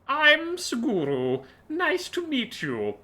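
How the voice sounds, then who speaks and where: A man's voice: very high-pitched, huge pitch swings, slow pace, sharp tone, pitched above the performer's own voice, heavily acted. A man voicing a slightly posh Scottish male researcher with a put-on Scottish accent, eager and lecturing.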